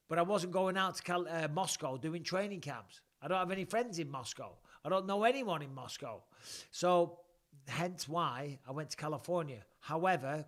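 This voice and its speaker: A man's voice: fairly high pitch, normal speed. Chatty man hosting a live Q and A. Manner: chatty, reads viewer questions aloud and answers candidly. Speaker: podcast host. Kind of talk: live-stream Q and A.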